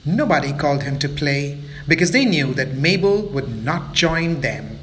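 Expressive male storyteller for children. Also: on the high side, unhurried, few pauses, a little hiss or hum.

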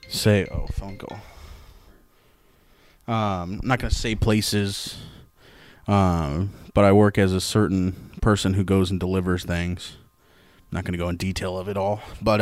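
A young man with a low voice hosts a casual sports podcast, recorded with no echo. He tells loose, rambling stories full of swearing and frequent laughter.

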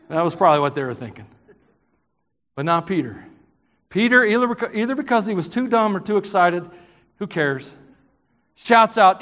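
A man with a Southern US accent preaching a sermon, telling stories in an animated, joking way and breaking into shouts. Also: high voice, normal speed, pauses often. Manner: animated, joking storyteller who bursts into shouts. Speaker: pastor. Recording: long hall reverb.

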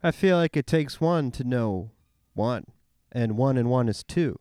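A man's voice: mid-range voice, expressive, measured pace, mellow, no room sound, clean studio sound. A man co-hosting a comedy podcast, riffing on goofy, absurd wordplay. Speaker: podcast co-host. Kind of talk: casual comedic chat.

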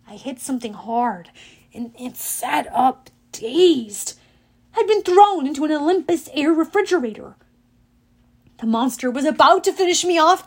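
A woman narrates an audiobook in a high, bright voice. Her reading is dramatic and expressive, rising to loud urgent moments and dropping to hushed, quiet endings.

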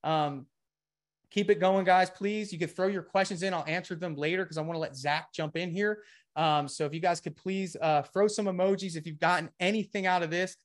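A man's voice: sits high, fairly even intonation, brisk. A man giving a live webinar sales presentation, talking energetically and a bit winded, often saying "okay" and "guys".

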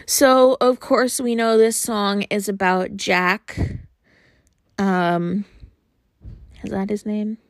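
A young woman hosting a podcast, talking frankly and earnestly in a casual monologue, often pausing on fillers. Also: medium pitch, steady tone, no echo, clean studio sound. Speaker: podcast host.

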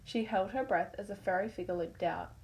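A woman's voice: medium pitch, brisk, a little mellow, poor audio. A woman reading her own animal story aloud, stumbling over words now and then.

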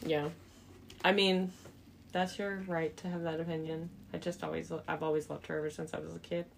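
A woman's voice: low-pitched, little pitch movement, brisk, vocal fry, a little hiss or hum. A woman co-hosting a podcast in chatty, enthusiastic, slightly rambling casual talk. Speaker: podcast co-host. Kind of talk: casual chat.

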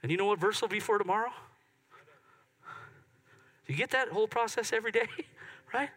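A middle-aged man preaching a sermon in church, swinging from excited loud peaks to soft hushed moments. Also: high-pitched, moderate pace, pauses often. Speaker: pastor. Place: church sanctuary.

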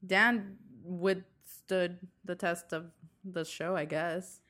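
Excitable young woman podcast host. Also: lowish voice, very slow. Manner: excited, swears freely, storytelling. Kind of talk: casual chat.

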